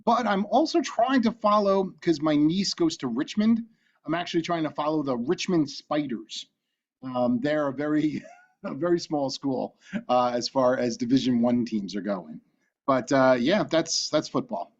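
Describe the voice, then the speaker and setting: A man's voice: on the high side, moderate pace. A man from Virginia co-hosting a podcast in casual chat, laughing often and talking with many fillers. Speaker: podcast co-host. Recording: dull lo-fi podcast audio.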